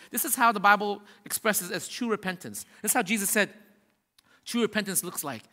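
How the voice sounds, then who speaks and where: A man preaches in a high, bright voice, casual and emphatic, stacking repeated phrases as he builds. His words ring out with the long reverb of a big church hall. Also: expressive, brisk. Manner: casual, emphatic preaching with many restarts and rising repetitions. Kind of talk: sermon.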